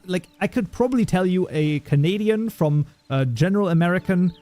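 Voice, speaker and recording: A man with a German accent chatting on a livestream, joking and reading viewer messages aloud. His voice sits a bit on the high side and carries an easygoing, bantering tone. Faint music plays underneath. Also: animated, fairly quick, warm tone. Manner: joking, reads chat aloud, many fillers. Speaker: streamer. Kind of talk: casual livestream chat.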